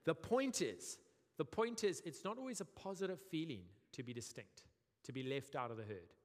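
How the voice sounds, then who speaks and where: A young South African man preaching a sermon, lively and humorous, acting out quoted voices. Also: a little high, moderate pace. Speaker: pastor. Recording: long reverb of a church hall.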